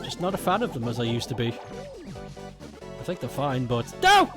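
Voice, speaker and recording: A man's voice: medium pitch, lively intonation, quick pace, music in the background. A man chatting casually with his viewers while streaming a game, often laughing. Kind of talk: casual live-stream chat while gaming.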